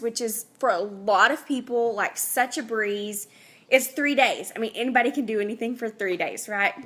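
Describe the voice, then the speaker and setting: Young woman, health coach, slightly high voice; earnest, chatty, rambling, faith-centered. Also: a bit bright. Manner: earnest, rambling, faith-driven, with many fillers and restarts. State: pregnant. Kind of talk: casual unscripted talk to viewers.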